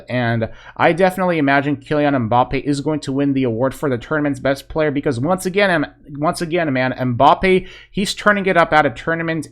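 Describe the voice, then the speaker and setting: A man giving a casual, rambling football reaction, excitable and full of fillers like "man" and "you know". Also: on the high side. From Polish fan. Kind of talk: casual video reaction commentary.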